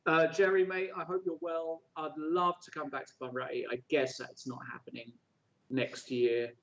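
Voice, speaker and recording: A man's voice: fairly high pitch, little pitch movement, moderate pace, a bit bright. A man co-commentating chess on a live stream, friendly and teasing in an easygoing way. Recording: dull lo-fi stream audio.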